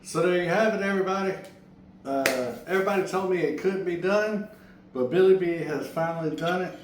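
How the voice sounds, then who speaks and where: Man, home cooking host, excitable, folksy, echoey kitchen, faint clatter of pans. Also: sits high, brisk, slight background noise. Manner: excitable, folksy, talks straight to viewers. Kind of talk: casual cooking demo and taste test.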